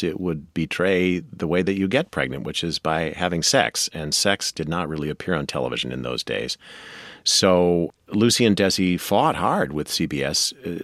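A man as a radio interview guest, telling history in a measured, storytelling way. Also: deep voice, fairly bright tone, dry recording, clean studio sound.

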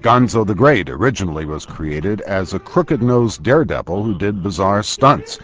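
A man's voice: fairly low pitch, sing-song, moderate pace, a bit bright. Man narrating a news feature. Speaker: news reporter. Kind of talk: scripted narration.

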